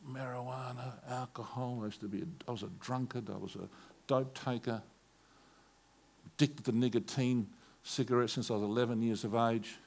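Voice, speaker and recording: An older Australian man preaches a sermon, moving between plain storytelling and forceful, rising declarations. His pitch sits in a typical male middle range, and he speaks as a pastor addressing his congregation.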